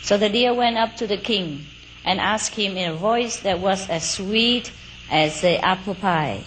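A woman telling a folk tale aloud in a relaxed, unhurried way, with chatty asides, fillers and small laughs. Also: medium pitch, poor audio. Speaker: storyteller. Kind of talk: casual oral storytelling. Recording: faint outdoor cricket noise.

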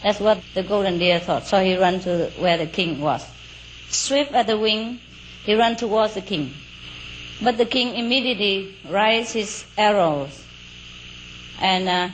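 A woman telling a folk tale at a slow, easy pace, stopping for chatty asides and small laughs. Her voice sits in a middle range. Faint crickets and insect noise hum behind her. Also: medium pitch, rough recording. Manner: unhurried, chatty asides with fillers and little laughs. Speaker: storyteller. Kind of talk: casual oral storytelling.

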